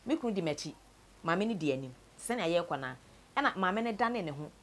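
A Ghanaian woman with a somewhat low voice tells a painful story from her own life. She mixes Twi and English and often drops to a quiet, sunken tone. A faint noise sits under the recording. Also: expressive, brisk. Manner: tells a sad story, switches between Twi and English, voice sinks low and soft. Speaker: interviewee. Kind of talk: personal story told to camera.

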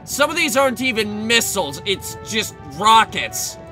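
A man giving a sarcastic, comedic movie review, mocking and exasperated, swearing and now and then shouting in outrage. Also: high-pitched, big pitch swings, unhurried, faint music behind.

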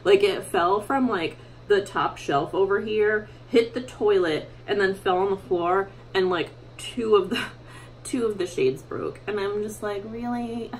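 A woman's voice: mid-range voice, a little slow, slight background noise, low-quality recording. A young woman chatting casually through a makeup tutorial at home in her bathroom, full of fillers and self-mocking asides. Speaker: beauty vlogger.

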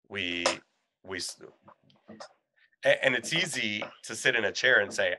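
Brief: male guest, deep and bright-edged, measured and earnest delivery. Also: expressive. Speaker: guest, corporate pilot. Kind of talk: casual conversation.

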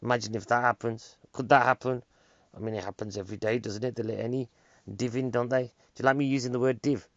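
A British comedian in a casual comedic monologue, ranting with sarcastic exasperation. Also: male voice, medium pitch, fairly even intonation, quick pace, no echo. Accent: British English. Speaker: stand-up comedian. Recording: dull, dry lo-fi recording.

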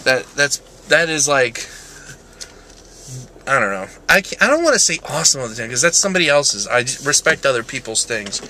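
A man's voice: medium pitch, very animated, fairly quick, bright, forceful tone, slight background noise. A young man vlogging casually, joking, rambling and making fun of himself. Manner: joking, rambling, self-mocking. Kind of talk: casual vlog.

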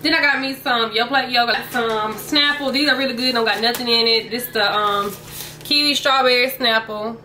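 Bright chatty woman vlogging. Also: a little high, steady tone, moderate pace, a little hiss or hum. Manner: chatty, keeps addressing viewers as y'all. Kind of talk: casual grocery haul chat. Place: at home, indoors. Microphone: camera mic.

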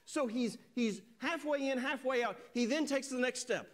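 A male preacher giving a sermon, telling a scripture story with animated delivery and reading verses slowly and solemnly. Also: very high-pitched. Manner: animated storytelling, voices quoted characters.

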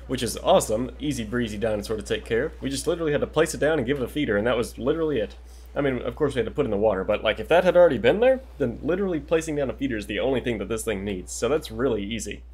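A man hosting a casual video game commentary, excitable and jokey as he talks to his viewers. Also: medium pitch. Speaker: gaming video host.

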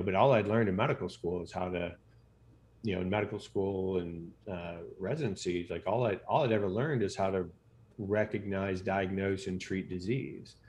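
A man's voice: low-pitched, a little mellow, a little hiss or hum. A middle-aged American man, a physician guest in an interview, telling stories casually with lots of fillers and restarts. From United States. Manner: rambling, many fillers and restarts.

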